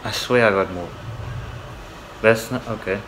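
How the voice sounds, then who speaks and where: A young man with a fairly low voice rambles through casual gameplay commentary, swearing and tripping over his words. Behind him, a steady air-conditioning hum is clearly heard. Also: a little slow, rough recording. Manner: rambling, restarts, swears often. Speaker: gamer.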